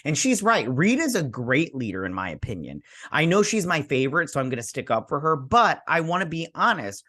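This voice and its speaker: A man's voice: on the high side, big pitch swings, bright, forceful tone. A man hosting a TV review show, recapping an episode in casual, rambling chat with self-deprecating asides. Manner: quickly acts out characters' lines. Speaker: TV review host.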